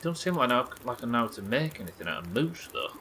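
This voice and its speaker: A man's voice: mid-range voice, very animated, fast, pushed and bright, slight background noise. A man chatting loosely while streaming a survival game, rambling, swearing and joking at his own expense. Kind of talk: casual gameplay commentary.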